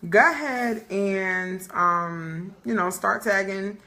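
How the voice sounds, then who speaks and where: A young woman with a bright, forward tone, co-hosting a casual live-streamed chat. She talks loosely, jokes and swears freely, and laughs often. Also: mid-range voice, takes it slowly. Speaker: podcast co-host.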